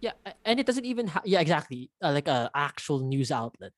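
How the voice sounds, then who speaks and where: A man's voice: fairly high pitch, fairly quick, no room sound. Rambling man, dry close mic. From Philippines. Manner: rambling, animated, frequent fillers and restarts. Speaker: podcast co-host. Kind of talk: casual chat.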